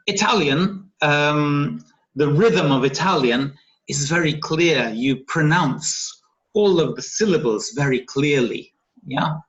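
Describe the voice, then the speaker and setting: An English teacher gives a phonetics lesson online, patient and frequently checking in with a questioning "yeah?". His voice is fairly high and fairly bright, heard through dull, lo-fi video call audio.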